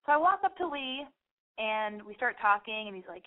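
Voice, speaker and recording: A woman's voice: mid-range voice, fairly quick. A woman hosting a radio show, telling stories in a casual, rambling monologue full of swearing. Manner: profane, rambling and animated storytelling. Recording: tinny phone-like radio sound.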